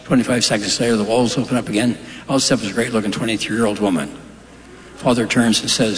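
A man's voice: lowish voice, steady tone, brisk, a crowd in the background. A man doing stand-up comedy in a large hall, delivering dry one-liners and long joke stories. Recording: live stage recording in echoey hall.

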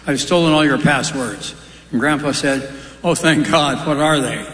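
A man's voice: a little high, normal speed, fairly bright tone. A man telling stand-up jokes in a folksy way, with offhand asides dropped between the punchlines. His voice rings through a large live venue, and the hall's long reverb trails after each line. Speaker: stand-up comedian. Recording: roomy hall with long reverb.

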